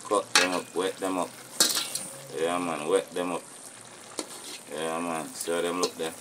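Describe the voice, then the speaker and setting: A Jamaican man with a remarkably deep voice hosts his outdoor cooking channel. He talks to his viewers in a loose, patois-flavoured way. Frying sizzle and the clatter of pots carry clearly behind him. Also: level tone, a little slow, very noisy. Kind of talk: casual cooking vlog. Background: frying sizzle and pot clatter.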